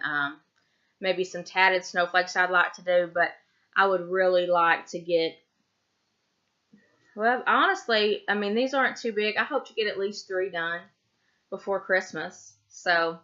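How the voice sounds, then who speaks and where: A woman's voice: mid-range voice, pushed and bright, dull audio. A woman in her thirties from Tennessee with a Southern accent, chatting casually to camera in a rambling way with many ums. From Tennessee, USA. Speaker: craft vlogger.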